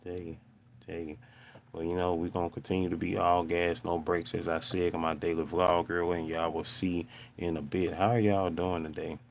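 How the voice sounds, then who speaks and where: Man, live-stream host at home, very low voice, gravelly, exasperated slangy rants. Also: moderate pace, a little hiss or hum. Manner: animated, exasperated ranting with slang. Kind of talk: casual live-stream chat.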